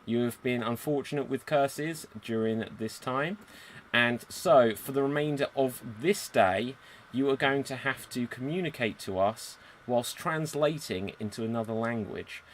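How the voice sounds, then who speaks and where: British man, game master, upbeat, theatrical announcer, mid pitch. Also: a little slow, a little hiss or hum. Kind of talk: hosting a live improv game.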